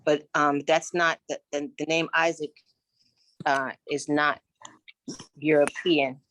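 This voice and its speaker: A woman answering questions at a spiritual reading, speaking haltingly with repeated restarts. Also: deep voice, little pitch movement, fairly bright tone. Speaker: client at a psychic reading. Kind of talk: casual conversation.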